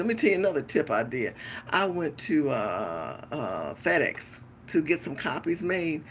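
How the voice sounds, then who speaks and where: A woman's voice: low voice, slight background noise. A tired woman hosting a late-night livestream rant, talking bluntly with lots of profanity. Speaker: livestream host and pastor.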